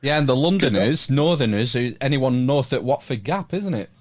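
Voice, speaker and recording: Host: man from Northern England, lively intonation, easygoing and a bit halting. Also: medium pitch. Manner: loose, hesitant interjections. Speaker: podcast host. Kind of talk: casual chat.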